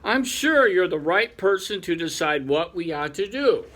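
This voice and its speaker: A man's voice: high-pitched, sing-song, moderate pace, fairly bright tone. A man voicing a polite, earnest young male rabbit in a storybook reading, speaking deferentially.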